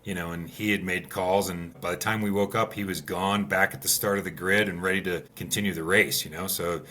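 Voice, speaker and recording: A man and former rally racer, telling stories in a relaxed way, full of fillers. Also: sits low, fairly quick. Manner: relaxed storyteller, many fillers like "you know". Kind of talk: casual conversation.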